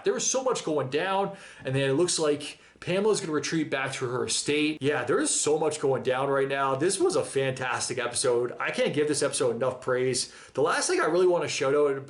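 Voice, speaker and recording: A man giving a casual, enthusiastic and emotional reaction monologue about a TV episode, using slang and nearly choking up. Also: mid-range voice. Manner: enthusiastic, emotional, slangy, breaks down near tears. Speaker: reaction channel host.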